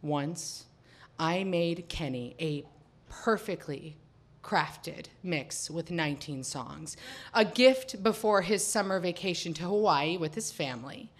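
A woman's voice: on the low side, measured pace. A woman in her thirties tells a personal story from her teens. She speaks in a wry, confiding way and often slips in amused, laughing asides.

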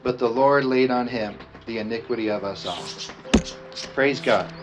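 A man preaching a communion sermon, reading scripture aloud, slowing down on key phrases and leading the congregation in repeating lines. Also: mid-range voice. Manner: emphatic, slows down on key phrases. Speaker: pastor. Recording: dull lo-fi sound with music behind. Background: music playing.

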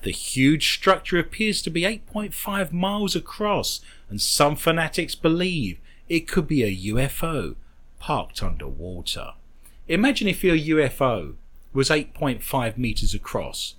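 A man's voice: on the high side, a bit bright. A man hosting a comedy podcast, reading odd news stories aloud and riffing on them with jokes. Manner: jokey, riffing on absurd details. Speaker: podcast host.

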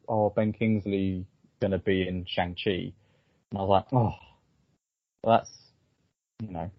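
A low-voiced man with a husky edge talks through a film review in a casual, halting way, filling his pauses with ums. The sound is dry and a little dull, like a modest home podcast setup. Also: dry recording. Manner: hesitant, lots of ums and restarts. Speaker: podcast host.

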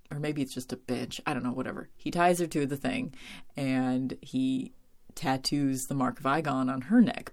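A woman's voice: extremely low pitch, creaky. A woman talking in a casual, rambling way, full of fillers and blunt asides, as she reviews a TV episode. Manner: chatty and rambling, with many fillers and cursing asides. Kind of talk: casual chat.

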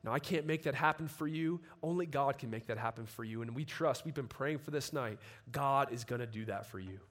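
A man's voice: mid-range voice, brisk, a bit bright. Casual conversational male preacher. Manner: conversational storytelling, builds to emphatic preaching. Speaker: pastor. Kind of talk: sermon.

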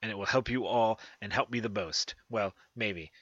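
A man's voice: fairly low pitch, normal speed, fairly bright tone, husky, no room sound, lo-fi sound. A man voicing a cunning old witch woman who is fussy, cordial and scheming, repeating her words and slipping in crude outbursts.

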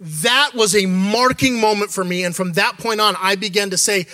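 A man preaching in a candid, conversational way, often slipping into quoted asides. His voice sits high for a man and rings bright and forceful. The recording is close and dry. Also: moderate pace, hardly any pauses, no room sound. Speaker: associate church leader. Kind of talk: sermon.

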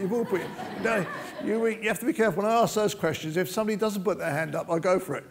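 A man's voice: high voice, fast, few pauses, a little hiss or hum. An older man giving an informal, jokey sermon in a church, full of "you know" asides. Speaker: visiting preacher.

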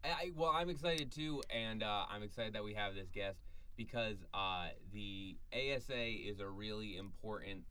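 A man's voice: lowish voice, normal speed, pushed and bright, clean tone. A young man co-hosting a student podcast in a studio, asking questions with lots of fillers and self-mocking jokes. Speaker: podcast co-host. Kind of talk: casual student podcast chat. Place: small college podcast studio. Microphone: studio mic.

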